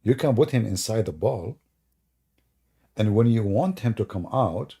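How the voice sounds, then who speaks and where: Mocking man with a gravelly voice. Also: fairly low pitch, animated, measured pace, warm tone. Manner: sarcastic, mocking, rhetorical questions, chuckles. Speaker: online religious debate host. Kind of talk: mocking livestream commentary.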